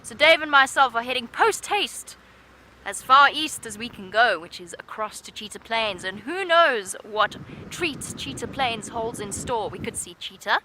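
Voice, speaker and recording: A woman's voice: on the high side, animated, a little slow, sharp tone, slight background noise. Upbeat woman guiding a live safari. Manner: chatty, upbeat and playful. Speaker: safari guide and presenter. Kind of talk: live safari commentary from a moving vehicle. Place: open safari vehicle outdoors.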